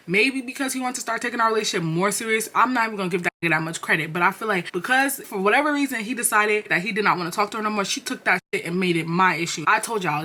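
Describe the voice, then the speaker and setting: Young woman, story time vlog, rapid-fire, blunt, profane, animated. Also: mid-range voice. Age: young adult. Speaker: storyteller vlogger.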